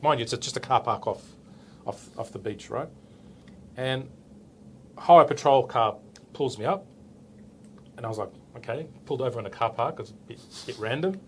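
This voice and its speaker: A man's voice: mid-range voice, slight background noise. A man in his forties with an Australian accent, a police officer being interviewed, telling a story casually and acting out the dialogue. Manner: animated, acts out the dialogue, tags with "right?".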